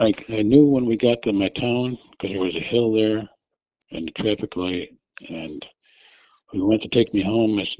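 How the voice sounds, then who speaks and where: A man telling a personal story in a casual, halting way, and he gets loud and urgent when he acts out what he shouted. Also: lowish voice, husky, no echo, low-quality recording. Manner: relives the moment, shouting quoted directions loudly and urgently; halting, with restarts and fillers.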